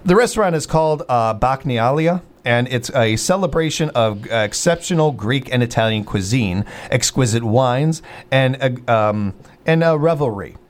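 A man's voice: mid-range voice, expressive, moderate pace. A man hosting a casual banter show, rambling and joking at his own expense, often restarting his sentences. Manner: rambling, self-mocking, stammering restarts. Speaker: show host.

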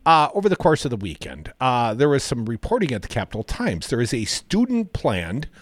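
A man's voice: mid-range voice, wildly swooping pitch, fairly quick, dry recording. A man from Madison, Wisconsin co-hosting a casual political talk radio show, sarcastic and opinionated in a chatty way. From Madison, Wisconsin, USA.

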